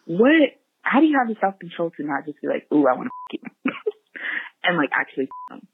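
A caller asking a crude question on a podcast, loud and excitable, through a phone line. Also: medium pitch, fast, a little hiss or hum.

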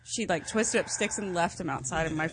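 A woman co-hosting a comedy talk show, telling stories in a wry, joking way. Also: fairly low pitch. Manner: wry, quick to laugh. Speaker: co-host. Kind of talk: casual comedic chat.

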